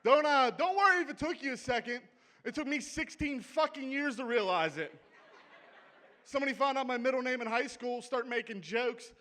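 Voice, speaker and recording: A man's voice: very high-pitched, lively intonation, normal speed, sharp tone. A man with a Pittsburgh accent doing a brash, profane, conversational stand-up set on a comedy club stage. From Pittsburgh, USA.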